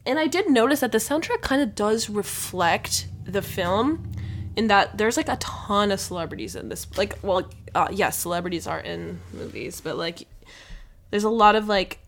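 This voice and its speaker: A woman's voice: mid-range voice, lively intonation, normal speed, a little hiss or hum. A young adult woman co-hosting a podcast, chatting casually and filling her talk with "like.". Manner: chatty, lots of "like" fillers. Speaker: podcast co-host. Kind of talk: casual chat.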